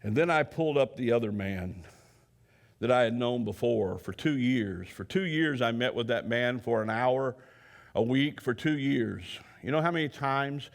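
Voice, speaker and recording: An earnest male counselor tells a story from his work at a mid pitch for a man. He speaks at an unhurried storytelling pace and often repeats himself. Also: vocal fry. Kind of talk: storytelling talk.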